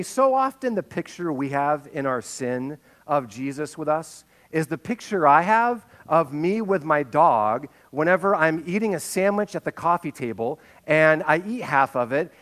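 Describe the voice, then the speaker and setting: High-voiced animated preaching man. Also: moderate pace. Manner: animated storytelling, swinging between hushed and loud. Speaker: pastor. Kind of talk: sermon.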